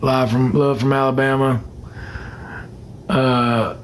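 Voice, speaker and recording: A man's voice: medium pitch, flat delivery, slow pace, slight background noise. A young man chatting casually on a phone livestream, rambling and greeting commenters by name.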